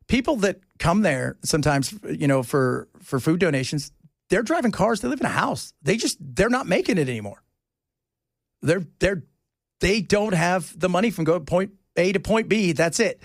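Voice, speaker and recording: A man hosting a talk radio show, rambling in a casual, animated way from topic to topic. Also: fairly high pitch, no room sound, clean studio sound.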